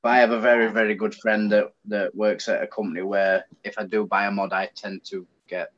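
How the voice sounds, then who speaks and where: In a casual chat where he's the guest, a British man with an English accent speaks briskly in a fairly low voice. He rants with feeling, animated throughout, and the recording is dull and lo-fi.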